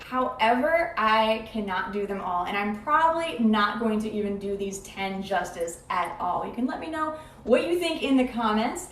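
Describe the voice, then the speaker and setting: A woman's voice: mid-range voice, lively intonation, normal speed, few pauses, reverberant, far from the mic, slight background noise. A woman teaching English in an upbeat, friendly scripted video monologue, played back through a screen share.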